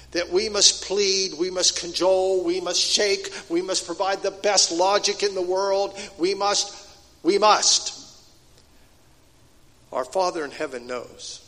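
A man preaching a sermon, dropping to hushed asides and then building to loud, emphatic declarations. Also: high voice. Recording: long hall reverb.

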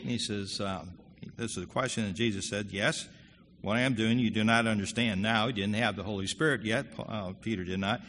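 Bright-voiced man preaching in a reverberant hall. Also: fairly low pitch, steady tone, brisk. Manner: earnest preaching, rising loud when quoting scripture. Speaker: pastor. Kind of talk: sermon. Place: church hall. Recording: long hall reverb with faint room noise.

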